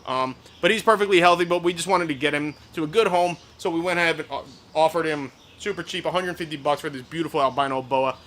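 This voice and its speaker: A man co-hosting a live reptile sale, pitching animals eagerly and reassuring buyers. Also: fast, hardly any pauses, a bit bright, a little hiss or hum. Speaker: livestream co-host selling reptiles. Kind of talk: casual live sales pitch.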